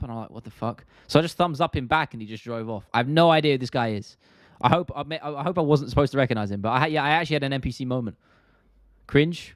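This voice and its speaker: Brief: casual young British live streamer, slangy, dry close mic. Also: male voice, mid-range voice, no room sound. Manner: laid-back, rambling, slangy. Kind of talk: casual live stream chat reading viewer questions.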